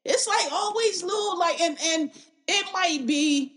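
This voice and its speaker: A woman's voice: very high voice, measured pace, a bit bright. Blunt, profane Philly woman. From Philadelphia. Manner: blunt, profane, heated and emphatic. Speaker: podcast host. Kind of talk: opinionated podcast rant.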